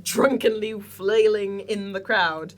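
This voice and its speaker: A woman's voice: mid-range voice, slow. A woman playing a tabletop game, chatty and giggly as she describes her moves. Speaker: player. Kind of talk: casual tabletop game play.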